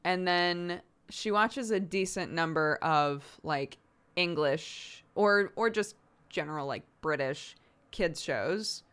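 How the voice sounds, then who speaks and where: A woman's voice: on the low side, takes it slowly, a bit bright, clean tone. A woman streaming from home, chatting casually with lots of "like" fillers and frequent laughs. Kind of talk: casual chat.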